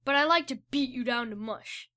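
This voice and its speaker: A woman's voice: high-pitched, moderate pace, no echo, studio quality. A woman voicing a brave young boy hero who speaks plainly. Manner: plain, steady speech.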